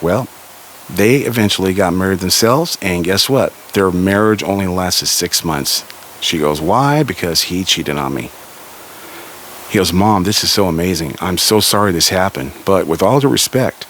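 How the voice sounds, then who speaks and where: A man with a low voice tells a long family story in a relaxed, animated way and jumps up higher whenever he quotes someone. He is from Southern California. A faint hiss sits under the recording. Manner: animated, raises pitch for quoted characters. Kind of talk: casual spoken storytelling.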